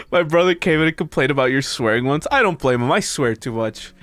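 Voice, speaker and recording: High-voiced man reading to his stream. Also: no echo. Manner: animated, breaks into high-pitched disbelieving asides. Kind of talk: reading a story aloud to stream chat.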